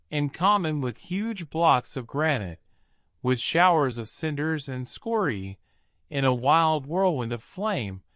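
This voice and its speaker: A man's voice: on the high side, a bit bright, dry recording, clean studio sound. A man voicing a frantic terrified young nephew. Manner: alarmed, crying out, exasperated. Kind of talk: audiobook character voice.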